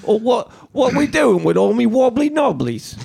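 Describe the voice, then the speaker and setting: A man's voice: high voice, a little fast, creaky, voice pushed up. A man putting on a silly, exaggerated mock English accent for laughs. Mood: goofy.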